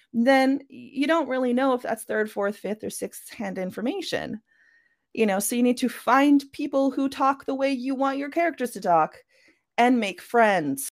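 Chatty woman author, animated. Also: medium pitch. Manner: chatty, acts out quoted voices. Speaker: author guest. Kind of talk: podcast interview answer.

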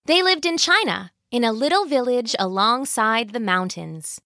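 A woman narrating a folk tale as a storyteller, slow and expressive. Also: on the high side, no room sound, clean studio sound.

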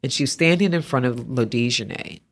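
Animated woman artist telling stories. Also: a bass voice, brisk, breathy edge. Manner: animated storyteller, acts out quoted voices. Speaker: artist guest. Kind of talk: interview conversation.

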